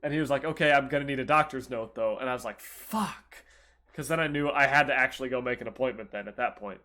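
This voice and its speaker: A young man co-hosting a casual podcast, telling a story in an animated, profane way. His voice swings between loud outbursts and low mumbles. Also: rapid-fire. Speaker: podcast co-host.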